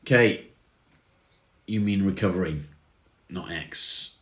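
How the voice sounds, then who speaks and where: Guy, really deep voice, laid-back stream chat, calls people mate, echoey room. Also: unhurried. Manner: relaxed, chatty, says mate often. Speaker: livestream host. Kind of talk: casual livestream chat reading comments.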